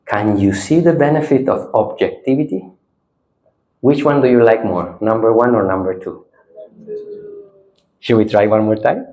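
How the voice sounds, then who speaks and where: Animated monk giving a dharma talk. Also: male voice, mid-range voice, unhurried. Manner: animated, playful, swings from lively to hushed; non-native English with simple phrasing and tag "ne?". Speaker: Buddhist monk teaching a retreat. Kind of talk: dharma talk with audience exercises.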